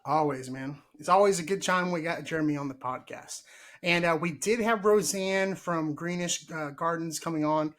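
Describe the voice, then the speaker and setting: A man's voice: fairly high pitch, moderate pace, fairly bright tone. A man hosting a casual gardening podcast, joking and mock-formal. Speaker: podcast host.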